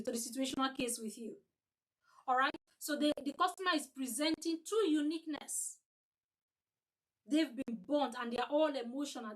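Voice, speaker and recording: A woman's voice: sits high, fairly bright tone, low-quality recording. A woman leading an online customer-service training, emphatic, repeating her points and acting out sample lines.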